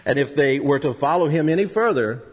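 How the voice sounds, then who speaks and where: A man's voice: expressive, brisk, breathy edge. Man preaching in a reverberant hall. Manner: emphatic, rising and dropping in pitch and volume, rhetorical questions. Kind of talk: sermon.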